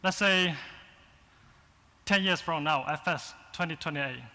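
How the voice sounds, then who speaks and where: A man from China with a Chinese accent, giving a conference keynote in short, halting phrases with fillers. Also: a little high, bright, forceful tone. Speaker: agency founder, keynote speaker. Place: large conference hall. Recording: long reverb in a conference hall.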